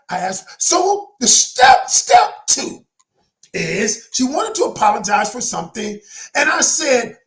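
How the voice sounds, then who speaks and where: A man's voice: very high voice, fairly bright tone. A man speaking as a communication coach, teaching in an emphatic, preacher-like motivational style, often raising his voice.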